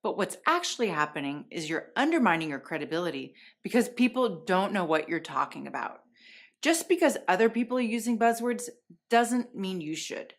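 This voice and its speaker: A middle-aged woman giving a scripted presentation to camera as a communication trainer, with a clear and emphatic coaching delivery. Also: on the low side.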